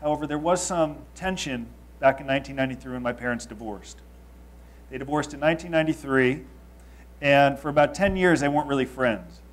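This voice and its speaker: Man, thirties, from Los Angeles, middle-pitched voice, confessional storytelling talk, loud emphasis and quiet asides. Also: fairly quick, a little hiss or hum. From Los Angeles, United States. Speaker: speaker.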